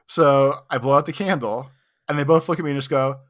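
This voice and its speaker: A man's voice: medium pitch, brisk. Rambling young man telling a story. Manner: rambling, heavy use of "like", self-mocking. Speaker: podcast co-host. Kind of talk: casual storytelling.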